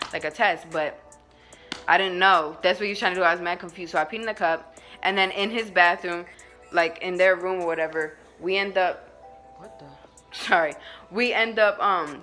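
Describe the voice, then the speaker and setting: A woman's voice: fairly low pitch, moderate pace, pushed and bright, soft background music. A young woman vlogger telling a personal story in a casual, slangy way, laughing often as she goes.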